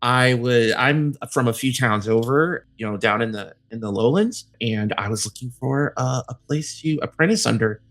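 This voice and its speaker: A man's voice: mid-range voice, moderate pace, hardly any pauses, a bit bright, lightly acted. A man voicing a young male lion shop apprentice, polite and a little nervous, in a tabletop game.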